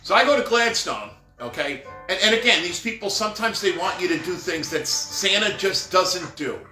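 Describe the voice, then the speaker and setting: A man's voice: high voice, animated, normal speed, sharp tone. A middle-aged man telling rambling stories from his years as a Santa performer, full of asides and filler like "right?" and "whatever". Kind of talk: casual storytelling monologue. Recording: roomy echo with faint music behind.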